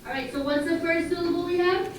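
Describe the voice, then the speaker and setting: A woman teacher leading a phonics lesson in a classroom, brisk and encouraging, calling on children by name, recorded from a distant camera. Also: extremely high pitch, fairly even intonation. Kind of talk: classroom instruction. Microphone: far camera. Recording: distant, very echoey noisy classroom video.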